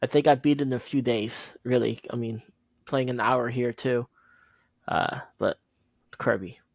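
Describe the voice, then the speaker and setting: A man hosting a podcast, chatting casually and recounting a story in a halting, rambling way. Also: medium pitch, fairly even intonation, vocal fry, dry recording. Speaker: podcast host. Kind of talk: casual chat.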